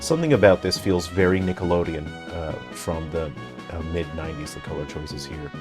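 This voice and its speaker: Deep-voiced game developer thinking aloud. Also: male voice, a little fast, over music. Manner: analytical, thinks aloud with fillers. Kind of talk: gameplay commentary.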